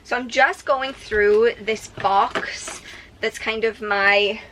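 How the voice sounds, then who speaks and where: A young woman talks straight to camera from her home attic in a candid vlog. Her voice sits a little high, and she rambles emotionally, restarting sentences as she thinks aloud. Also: steady tone, slow pace, a bit bright, a little hiss or hum, low-quality recording. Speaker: vlogger. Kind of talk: casual talk to camera.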